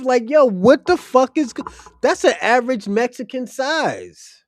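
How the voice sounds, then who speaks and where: Crude high-voiced man ranting. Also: expressive, a little slow, no room sound, clean studio sound. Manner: blunt, crude, swaggering. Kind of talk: profane opinion rant.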